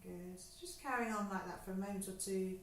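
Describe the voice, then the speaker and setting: A woman yoga teacher talks listeners through slow, deep breathing in an unhurried, soothing voice. Her voice rings a little in an echoey room. A faint background hum sits under her words. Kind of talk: guided breathing instruction.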